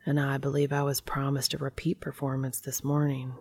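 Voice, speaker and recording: A woman reading fan fiction aloud, voicing a playful, eager grown man in a hushed, hot whisper. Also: a bass voice, a little slow, gravelly, no room sound, pitched below the performer's own voice, full character voice.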